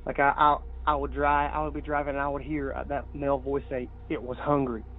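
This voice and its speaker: A male caller telling a personal story over the phone, halting and repeating himself as he goes. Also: medium pitch, monotone. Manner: halting, repeats words, restarts often. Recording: tinny phone line.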